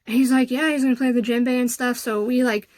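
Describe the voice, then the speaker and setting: A woman's voice: fairly high pitch, steady tone, brisk, darkish tone, no echo. A woman telling a story in a casual, chatty way, full of "like" and "you know". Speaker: vlogger.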